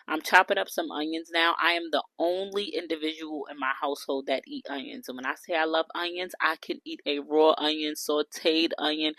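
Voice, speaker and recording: A woman's voice: deep voice, fairly bright tone, dry recording. A woman, chatting through a cooking vlog, blunt and talking straight to viewers. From New York City. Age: 30s. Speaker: food vlogger. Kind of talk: casual cooking vlog voice-over.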